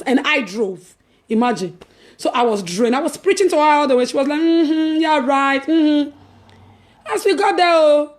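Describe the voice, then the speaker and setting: A woman with a Nigerian accent telling a story in casual chat, animated, laughing and swinging between loud and hushed. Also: fairly high pitch. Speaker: evangelist vlogger.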